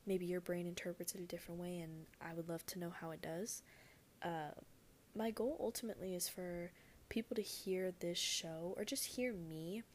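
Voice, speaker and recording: A young woman hosting a solo podcast, talking candidly and rambling as she hunts for words, often sinking into a soft whisper and swearing casually. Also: fairly low pitch, steady tone, moderate pace, a little hiss or hum. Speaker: podcast host. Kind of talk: reflective solo podcast monologue.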